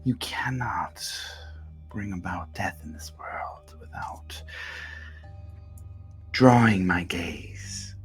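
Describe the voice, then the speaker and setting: A man voicing a sinister, cryptic god of death in a slow, menacing whisper. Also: low voice, animated, breathy edge, faint music behind, exaggerated voice.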